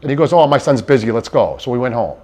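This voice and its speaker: A man in an interview, giving personal testimony in a halting, earnest way with many restarts. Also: medium pitch, big pitch swings, mellow. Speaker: interviewee in a docuseries.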